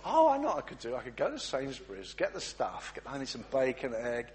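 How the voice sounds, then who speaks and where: A man's voice: mid-range voice, huge pitch swings, fairly quick, a little mellow, slight background noise, pitched below the performer's own voice. A man playing a scatterbrained praying housewife. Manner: rambling, self-interrupting, easily sidetracked. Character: flustered distracted praying housewife.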